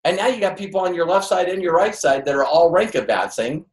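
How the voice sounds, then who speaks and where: A man's voice: high-pitched, lively intonation, brisk. A man giving a motivational network marketing training to a live audience, emphatic and full of rhetorical questions. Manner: emphatic, rhetorical questions, acts out quoted voices. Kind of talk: motivational seminar talk. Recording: roomy echo.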